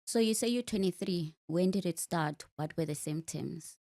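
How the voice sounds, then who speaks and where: A woman's voice: lowish voice, normal speed, mellow. A woman, a Sotho speaker, hosting a podcast interview with friendly, chatty questions. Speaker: podcast host. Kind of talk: casual interview.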